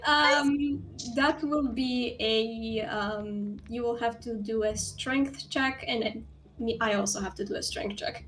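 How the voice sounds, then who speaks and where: A woman's voice: a little high, slow pace, a bit bright. A woman running a tabletop game as dungeon master, laughing often while she narrates.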